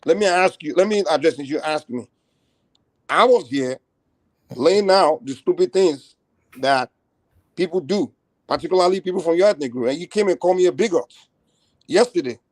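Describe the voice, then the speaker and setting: A man's voice: fairly high pitch, animated, moderate pace, pauses often, dry recording. A man from Nigeria hosting a heated online panel debate, blunt and combative, who cuts in and repeats himself to hold the floor.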